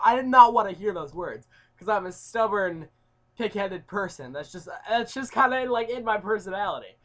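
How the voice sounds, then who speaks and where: Young guy vlogging, kinda high voice, rambles a lot w fillers, goes loud then quiet. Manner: rambling, many fillers, swings from loud outbursts to mumbled asides. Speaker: YouTuber. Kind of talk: casual storytelling vlog.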